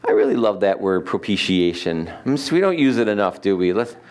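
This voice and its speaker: A man's voice: fairly low pitch, expressive, a little fast, darkish tone. A man preaching a conversational sermon, joking with the congregation and explaining words with frequent fillers. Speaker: pastor.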